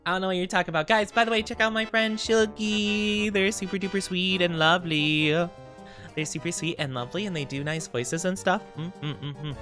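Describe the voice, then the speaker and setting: Sleepy, playful woman streamer, low-pitched. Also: a bit bright, faint music behind. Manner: playful, bubbly, quick to thank and tease back. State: a little sleepy. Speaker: VTuber streamer. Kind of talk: casual chat with live viewers.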